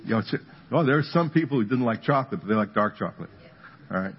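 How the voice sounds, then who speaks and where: Husky-voiced pastor telling a humorous story. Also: male voice, lowish voice, fast, highs cut off. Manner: storytelling with humor, builds to animated emphasis. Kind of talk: conversational sermon.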